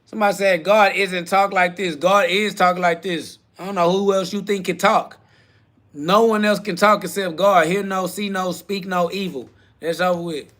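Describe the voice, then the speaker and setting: High bright-voiced man preaching at critics. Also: steady tone, normal speed. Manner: preachy, confrontational, repeats short slogans; answers quoted critics, crude slang. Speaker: podcast host. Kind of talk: live self-talk religious monologue.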